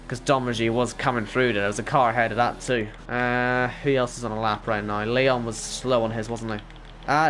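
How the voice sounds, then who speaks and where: A man's voice: medium pitch, a bit bright, a little hiss or hum. A Northern Irish man casually commentating an online race league stream, rambling, joking at his own expense and reading out chat messages.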